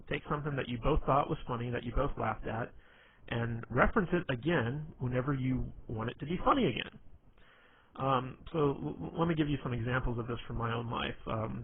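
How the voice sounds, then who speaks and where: A man's voice: medium pitch, vocal fry. A man explaining how to be funny in a casual, rambling way, full of fillers and restarts. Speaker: dating advice presenter. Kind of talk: casual instructional talk. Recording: tinny phone-like audio with faint noise.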